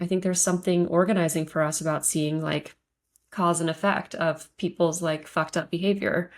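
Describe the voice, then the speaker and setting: A woman co-hosting a podcast, talking in a casual, thoughtful way with many fillers. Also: on the low side. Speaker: podcast co-host. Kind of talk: casual chat.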